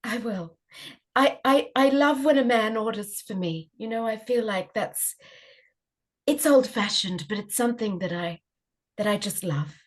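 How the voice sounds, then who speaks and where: A woman's voice: a little high, unhurried, voice pushed down. A woman playing a genteel, old-fashioned lady. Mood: gushing. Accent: Australian. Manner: genteel, gushing over old-fashioned manners. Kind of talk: improvised stage comedy.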